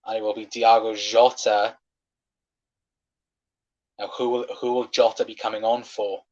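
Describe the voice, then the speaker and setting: Young scouse lad doing a live footy watchalong, chatty, gets worked up and swears, kinda muffled lo-fi sound. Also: male voice, fairly low pitch, a little slow. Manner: excitable, swears when frustrated, chatty fan commentary. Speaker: fan watchalong host. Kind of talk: live football watchalong commentary.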